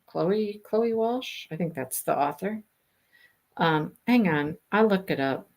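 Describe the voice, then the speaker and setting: A woman's voice: lowish voice, animated, slow, gravelly, darkish tone. A woman hosting a casual live book chat, talking in a chatty way and laughing often. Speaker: book discussion host.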